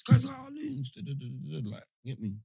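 Animated young man, husky voice. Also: mid-range voice, rapid-fire. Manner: animated, laughing, full of London slang fillers. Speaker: storyteller in a chat. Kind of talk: casual storytelling chat.

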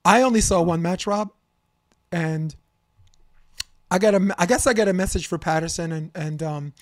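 A man's voice: on the high side, no room sound, studio quality. A man hosting a casual sports debate podcast, a coach and commentator, talking candidly and rambling with fillers.

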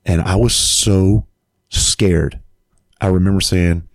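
Deep-voiced profane male storyteller. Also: steady tone, slow pace, no echo, clean studio sound. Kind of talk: casual storytelling.

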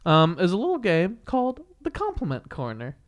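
A man's voice: high-pitched, huge pitch swings, moderate pace. A young man hosting a podcast, chatting casually with a guest in a rambling, jokey way. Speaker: podcast host. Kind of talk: casual chat.

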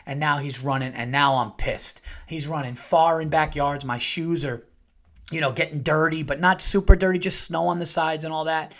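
Podcast host, man, 30s to 40s, a bit high-pitched; casual, profane storyteller who hams up the quotes. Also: a little fast. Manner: animated, acts out quotes with big jumps in pitch and loudness; profane and conversational.

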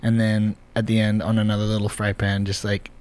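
A man's voice: fairly low pitch, monotone, fairly quick, a little mellow, smooth. A man co-hosting a podcast in casual chat, rambling and using many filler words. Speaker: podcast co-host.

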